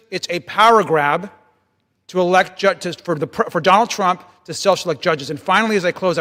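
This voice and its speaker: A man speaking in a formal floor debate, arguing forcefully and indignantly. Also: on the high side. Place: large legislative chamber. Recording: long reverb of a large chamber.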